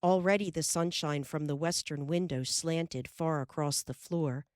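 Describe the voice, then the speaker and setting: A woman reading an audiobook aloud in a calm, measured storytelling manner. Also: low voice, no room sound, clean studio sound. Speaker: audiobook narrator. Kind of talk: scripted narration.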